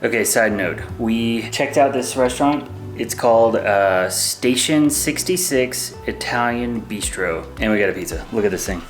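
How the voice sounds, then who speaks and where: A man's voice: medium pitch, animated, moderate pace, hardly any pauses, over music. A man chatting casually in a travel vlog, rambling and laughing often. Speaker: travel vlogger.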